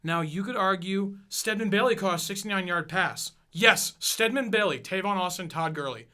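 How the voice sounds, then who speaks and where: A man's voice: high voice, normal speed, pushed and bright. A young man in his twenties hosting a podcast, ranting about football with lots of swearing and emphatic energy. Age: 20s. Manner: profane, fired-up, emphatic. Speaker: podcast host. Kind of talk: casual sports rant.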